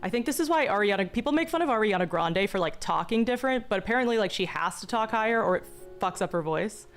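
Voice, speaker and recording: A young woman streaming, speaking in a slow, deliberately calm, mock-soothing way with a touch of vocal fry, joking with chat. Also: mid-range voice. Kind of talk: casual live-stream chat. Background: faint background music.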